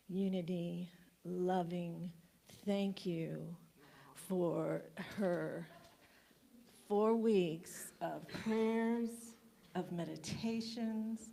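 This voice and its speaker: A woman's voice: fairly low pitch, creaky, dark tone. A woman leading a church service, effusive and encouraging as she thanks the minister and welcomes newcomers. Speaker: service leader. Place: church sanctuary.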